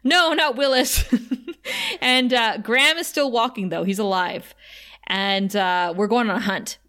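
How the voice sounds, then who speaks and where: A young woman co-hosting a podcast, recapping a TV episode in a chatty, animated way and quoting the characters. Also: fairly high pitch, normal speed, clean tone. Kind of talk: casual chat.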